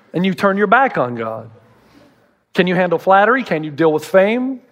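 Lively, high-pitched male pastor preaching. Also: moderate pace. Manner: animated and humorous, acting out quoted voices. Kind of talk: sermon.

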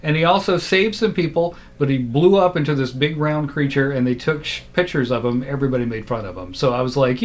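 A man hosting a casual podcast chat about superhero shows, animated, often laughing and trailing off into fillers. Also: mid-range voice, a little fast, few pauses. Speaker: podcast host.

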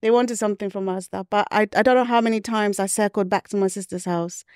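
A woman's voice: medium pitch, fairly even intonation, fast talker, darkish tone, clean tone, dry recording, studio quality. A woman from Ghana, a podcast guest, talking candidly and reflectively about a hard time in her life. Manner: candid, reflective, acts out quoted voices. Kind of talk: personal storytelling in an interview.

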